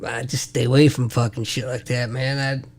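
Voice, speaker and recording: A man's voice: medium pitch, little pitch movement, moderate pace, a crowd in the background. A middle-aged man co-hosting a podcast, laid-back and profane, mostly chiming in with short replies. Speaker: podcast co-host. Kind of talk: casual chat.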